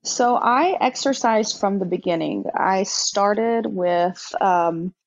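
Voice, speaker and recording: A woman in her thirties, a podcast guest in a candid interview conversation, talking haltingly with many fillers and restarts and getting emotional. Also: medium pitch, dry recording. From Texas. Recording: dull, slightly lo-fi dry sound.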